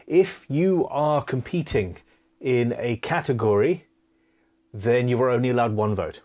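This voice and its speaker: A chatty man hosts a relaxed live question-and-answer stream from his home studio. He talks at an ordinary mid pitch and works through viewer comments with self-deprecating asides. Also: unhurried. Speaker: live stream host and guitar builder.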